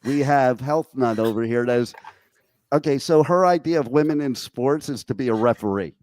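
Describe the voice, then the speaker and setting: A man's voice: mid-range voice, normal speed, darkish tone. A man hosting a radio show, joking crudely and teasing his co-host. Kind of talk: casual radio banter.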